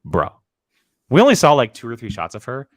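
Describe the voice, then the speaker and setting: Animated, excitable young man. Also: mid-range voice, brisk, dry recording, clean studio sound. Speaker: podcast co-host. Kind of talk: casual fan chat.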